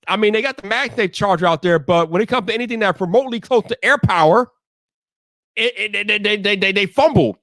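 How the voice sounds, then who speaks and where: A man hosting a casual live stream, talking in an animated way, repeating himself and ranting loudly when annoyed. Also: high voice, a little fast, no echo, studio quality.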